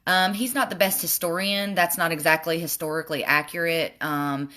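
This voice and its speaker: Bright-voiced woman venting while doing makeup. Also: fairly low pitch, moderate pace. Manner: frustrated, animated storytelling with swearing. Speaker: beauty vlogger. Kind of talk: makeup tutorial with venting story.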